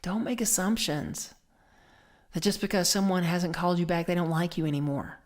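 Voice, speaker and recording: A woman minister giving a conversational sermon, telling stories in an animated way and dropping to soft whispers for emphasis. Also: fairly low pitch, moderate pace.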